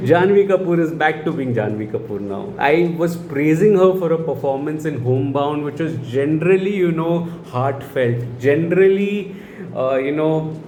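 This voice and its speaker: A man's voice: on the high side, darkish tone. A man with an Indian English accent giving a sarcastic, exasperated film review full of rhetorical questions. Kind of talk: opinionated film review monologue. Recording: roomy echo, faint background noise.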